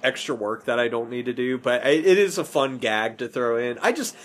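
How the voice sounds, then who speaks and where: A man's voice: medium pitch, a little fast, fairly bright tone. A man hosting a podcast in casual chat, rambling, correcting himself and laughing often. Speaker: podcast host.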